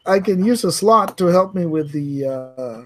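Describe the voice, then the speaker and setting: A man chats through a tabletop game over a video call. He pauses often and fills the gaps with fillers. His voice sits a little high and he talks slowly. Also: animated, fairly bright tone. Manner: hesitant, many pauses and fillers. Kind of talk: casual game chat.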